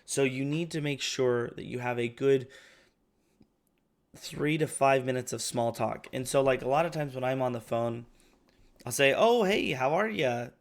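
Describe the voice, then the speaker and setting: A man who trains insurance agents, explaining sales steps in a casual, conversational way and letting his phrase ends trail off quietly. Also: mid-range voice, fairly even intonation, normal speed, pauses often.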